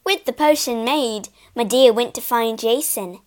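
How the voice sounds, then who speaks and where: A woman narrating a storybook for English learners, reading slowly, clearly and expressively. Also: fairly high pitch, darkish tone.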